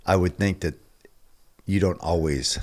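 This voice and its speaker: A man as a podcast guest, speaking earnestly and haltingly as he searches for his words. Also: sits low, a little mellow. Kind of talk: casual conversation.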